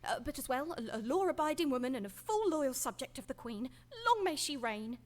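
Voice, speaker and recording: A worried Catholic woman in a period game, her speech formal and old-fashioned. Her voice sits high. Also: lively intonation, a little fast. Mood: anxious.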